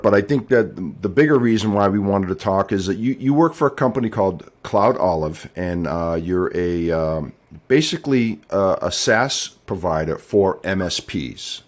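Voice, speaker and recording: A man hosting a business podcast, asking rambling questions in a relaxed, casual way with plenty of fillers and restarts. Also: on the low side. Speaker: podcast host. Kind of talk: casual interview chat.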